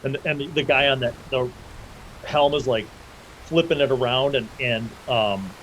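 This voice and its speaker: A man runs a tabletop adventure as game master, painting scenes in loose, vivid descriptions. His voice sits at an everyday middle pitch. Faint noise hums in the background. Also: moderate pace, a bit bright, poor audio. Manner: vivid, loose descriptions that act out side characters.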